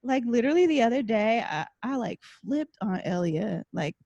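A woman's voice: a little high, very animated, normal speed, dark tone, dry recording, lo-fi sound. A young pregnant woman co-hosting a casual chat show, telling frank self-deprecating stories about motherhood. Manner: candid, self-deprecating storyteller. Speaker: podcast co-host.

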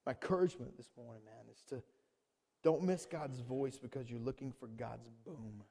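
A man preaching a sermon as pastor, animated, swinging between booming lines and hushed ones. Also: normal speed, vocal fry, slightly rough, in a large hall.

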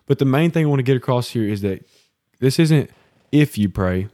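A man's voice: mid-range voice, fast, dark tone, dry recording, studio quality. Earnest man preaching on a podcast. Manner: earnest, preachy exhortation with teasing. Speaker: podcast co-host. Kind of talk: casual devotional podcast talk. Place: home office.

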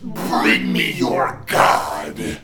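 A man voicing a blasphemous male demon possessing someone, with slow, menacing, shouted taunts. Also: a bass voice, fairly even intonation, a crowd in the background, pitched below the performer's own voice, heavily acted.

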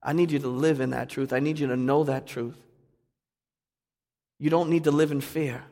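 A male pastor preaching a sermon, swinging from hushed to loud and fervent. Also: a little high, fairly even intonation, moderate pace. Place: church sanctuary. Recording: long reverb of a church hall.

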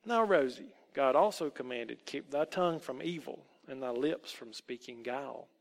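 A man voicing a middle-aged Christian aunt who speaks softly but sternly, gently lecturing a child. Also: medium pitch, moderate pace, gravelly, natural voice. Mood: gently scolding. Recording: long hall reverb.

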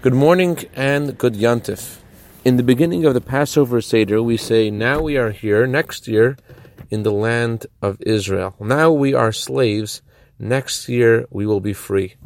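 A rabbi giving a short Torah teaching in a measured, explanatory way, slowing down to stress key phrases. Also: male voice, medium pitch, darkish tone.

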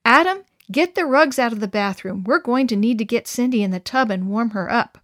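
Brief: woman reading a busy mom in a children's story, brisk and firm, a touch higher, dry close sound. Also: lively intonation, fairly bright tone, no echo. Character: busy mother scolding her two boys.

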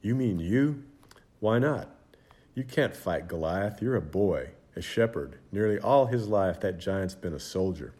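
A man's voice: deep voice, animated, a little slow, warm tone. A man voicing a skeptical older king who doubts a boy's courage in a children's Bible storybook. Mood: doubtful. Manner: incredulous, then grudging. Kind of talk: storybook character voice.

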